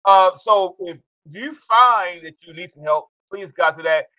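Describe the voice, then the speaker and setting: An excitable male host runs a live interview show, laughing easily and talking straight to his viewers. His voice is bright and sits a little high. The sound is dry and close. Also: unhurried, no room sound, low-quality recording. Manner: animated, excitable, laughs often.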